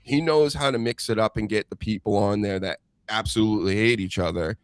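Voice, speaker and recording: A man's voice: lowish voice, clear, resonant tone, no room sound. A man hosting a casual podcast chat, talking in a rambling, easygoing way. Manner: rambling, chatty, drawn-out storytelling.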